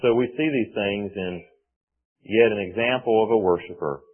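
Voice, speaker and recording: A man with a low, slightly husky voice preaches a sermon, pacing his words in short, weighty phrases. The sound is thin and tinny, like a phone line. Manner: measured, emphatic phrasing in short breaks. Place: church service.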